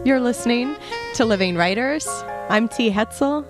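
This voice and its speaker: A woman hosting a radio interview in a studio, speaking haltingly with many fillers. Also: fairly high pitch, lively intonation, over music. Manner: halting, with many fillers and restarts, laughs easily. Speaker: radio show host. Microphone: studio mic.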